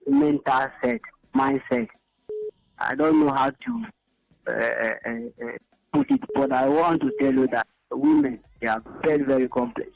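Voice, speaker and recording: A man's voice: fairly high pitch, creaky. A man calling into a radio show by phone, hesitant and searching for words. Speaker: caller. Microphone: phone call. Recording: dull lo-fi phone line.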